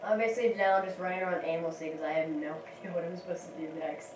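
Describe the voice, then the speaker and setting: A gameplay commentator with a lowish voice talks in rapid-fire bursts, giggling and rambling through a casual let's play and frequently starting sentences over. She sounds roomy and far from the mic, with a faint hiss underneath.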